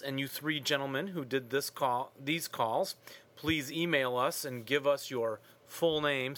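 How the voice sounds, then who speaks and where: Relaxed teasing male podcast host. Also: medium pitch. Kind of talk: casual podcast chat.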